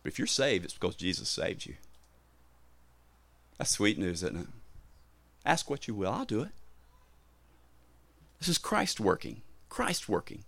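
A man preaching a sermon in a fairly low voice, pressing his points home with emphatic repetition. His volume rises and falls sharply as he builds. The sound is close and dry. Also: huge pitch swings, a little slow, vocal fry, pauses often, dry recording. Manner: impassioned preaching, emphatic repetitions, sudden swells in loudness. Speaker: pastor.

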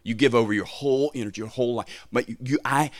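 A pastor preaching an impassioned sermon. He repeats his points with emphasis and his voice suddenly swells in loudness. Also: mid-range voice, steady tone, fast talker, no echo.

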